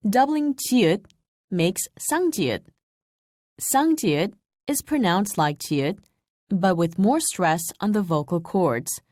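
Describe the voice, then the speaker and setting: A woman giving scripted narration for a language lesson, explaining sounds in a clear, measured way. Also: medium pitch, lively intonation, darkish tone, no echo, clean studio sound. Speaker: language instructor.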